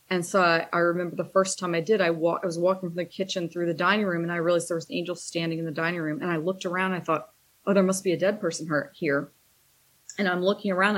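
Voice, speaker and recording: A woman speaking in a slightly low voice, chatty and wry as she tells a long personal story. She slips into the voices of the people she quotes. She teaches Reiki and talks like she's among friends. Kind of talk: casual storytelling interview.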